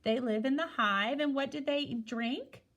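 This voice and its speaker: A woman's voice: sits high, fairly bright tone. A woman teaching a guided reading lesson to young children, asking questions and checking in with "okay?" after each point. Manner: slow, sing-song teacher talk with many "okay?" checks. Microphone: recording a video lesson.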